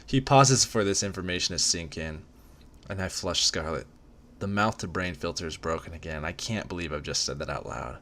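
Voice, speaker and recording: A man's voice: low voice, normal speed, pushed and bright, a little hiss or hum. A man narrating a story in an amateur dramatic reading, in a casual manner, stumbling and restarting on words. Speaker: reader.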